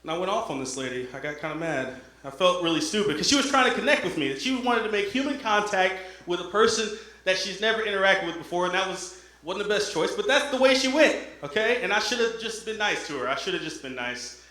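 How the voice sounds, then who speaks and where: A man's voice: high voice, animated, fast, sharp tone. A young man doing a stand-up comedy set, talking in a loose, conversational way and checking in with the crowd. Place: comedy stage in an echoey room. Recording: echoey room.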